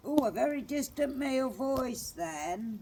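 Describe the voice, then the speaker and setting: A woman works as a medium on a ghost hunt, slowly telling the others which spirit voices come through to her. Her voice sits high, and she speaks at an unhurried, drawn-out pace. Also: animated, a little mellow, slight background noise, rough recording. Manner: slow, reports what she hears.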